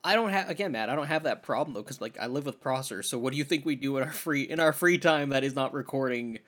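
A man in his thirties co-hosting a podcast, chatting casually and teasing with a joking, animated manner. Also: medium pitch, fast talker. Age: 30s. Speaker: podcast co-host. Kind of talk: casual chat.

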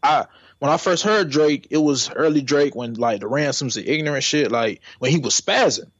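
Podcast co-host, man, slightly high voice, rambling talk, dry muffled mic. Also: expressive, normal speed, fairly bright tone, dry recording. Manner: rambling, repeats "you know what I mean". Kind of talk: casual chat.

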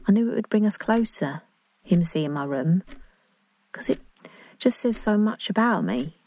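An awkward, earnest young English woman in love pours out her story in a chatty, self-conscious monologue, played by an actress. Her voice sits in a middle pitch. The recording is close and completely dry. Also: expressive, measured pace, a little mellow, no room sound. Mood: excited. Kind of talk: dramatic monologue.

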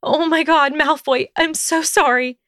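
Woman voicing Hermione, high and tearful. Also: fairly even intonation, measured pace, fairly bright tone, no room sound, studio quality. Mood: distraught. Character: young woman witch, distraught and pleading. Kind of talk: audiobook character voice.

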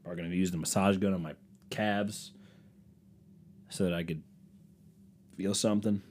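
A man's voice: low-pitched, steady tone, moderate pace, darkish tone, a little hiss or hum. A young man hosting a solo comedy podcast, rambling and self-mocking, throwing jokey asides to an imagined crowd. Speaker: podcast host.

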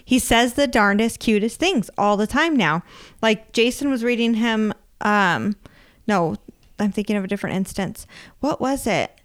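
A young woman co-hosting a podcast in casual chat, chatty and animated, laughing often as she tells stories. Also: mid-range voice, normal speed, smooth. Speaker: podcast co-host.

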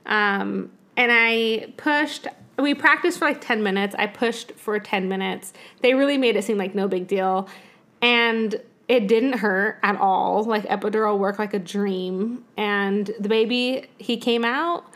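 A young woman casually telling a personal story in conversation, animated and laughing often. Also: medium pitch, a little slow.

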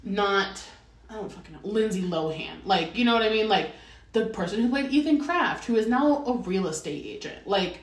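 A woman co-hosting a casual chat, animated and swearing often, with lots of "like" fillers. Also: medium pitch, normal speed. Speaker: podcast co-host. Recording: roomy echo, a bit far from the mic.

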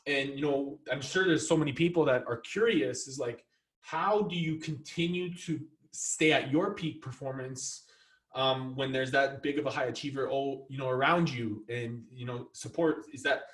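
A male podcast host asking questions in a casual interview, halting with many fillers and restarts. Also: mid-range voice, a bit bright, reverberant, distant mic.

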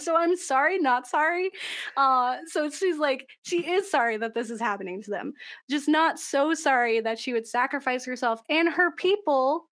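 A young woman chatting casually on a podcast, animated, laughing often and filling her talk with likes and ums. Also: on the high side. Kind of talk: casual chat.

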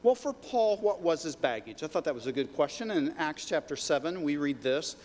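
A man's voice: on the high side, lively intonation, moderate pace, a little mellow, slight background noise. Conversational male pastor in a reverberant hall. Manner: conversational, with frequent rhetorical "right?" and "okay?". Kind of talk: sermon.

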